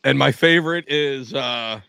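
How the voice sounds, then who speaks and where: A man with a gravelly voice, co-hosting a podcast in casual, joking banter. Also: mid-range voice, measured pace, sharp tone, dry recording. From South Jersey. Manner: joking, teasing. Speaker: podcast co-host.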